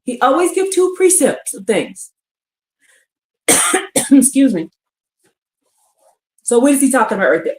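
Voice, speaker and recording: A woman teaching scripture on a live stream, reading verses aloud and firing questions at her listeners with excitement. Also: sits high, unhurried, long pauses. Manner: animated and exclamatory, reads verses then asks the audience questions. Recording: echoey room.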